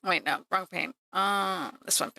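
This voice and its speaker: A woman chats to her stream while she paints, joking at her own expense. Her voice is bright and forward. The sound is dry and close, with no room echo. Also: fairly low pitch, unhurried, creaky. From Canada. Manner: chatty and self-mocking, talking to chat while working. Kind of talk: casual livestream chat.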